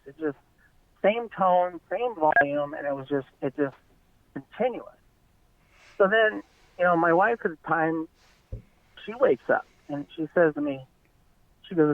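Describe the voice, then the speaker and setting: A man's voice: fairly high pitch, no room sound. A middle-aged man, an eyewitness guest, earnestly telling a long story in casual, rambling talk over a tinny phone line.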